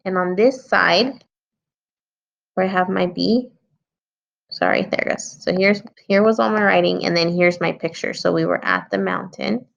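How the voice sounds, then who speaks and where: A woman with a lowish, gravelly voice speaks at a moderate pace, teaching young children how to write. She edits her own story while patiently thinking out loud, and the audio has a somewhat dull, lo-fi quality.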